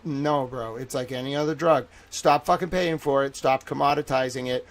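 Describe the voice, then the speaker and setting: A man from the Boston area hosting a livestream, ranting and pleading with his viewers, often swearing and slowing down to stress his words. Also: medium pitch. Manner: pleading and repetitive, swearing, slows to stress each word. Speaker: livestream host. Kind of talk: impassioned solo livestream rant.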